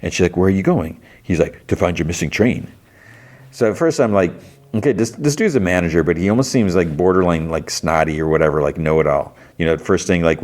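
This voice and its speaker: A low-pitched man talks through an episode as a podcast host, in a loose, rambling recap. He leans on filler words and restarts, and his voice lifts a little when he quotes characters. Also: a little mellow. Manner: quotes characters in a lightly raised voice.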